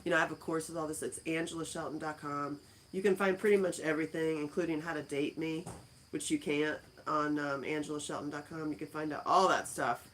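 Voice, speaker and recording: Chatty woman with a deep morning voice. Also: steady tone, fairly quick, slight background noise. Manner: rambling, chatty, laughs easily. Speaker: livestream host. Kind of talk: casual livestream chat. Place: indoors at a friend's house. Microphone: phone camera.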